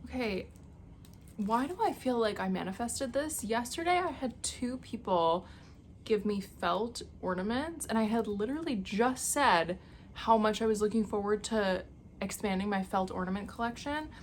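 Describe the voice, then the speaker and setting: A woman's voice: medium pitch, lively intonation, moderate pace, a little hiss or hum. A young woman vlogging casually at home, gushing with effusive exclamations. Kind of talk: casual vlog chat. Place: home apartment, indoors.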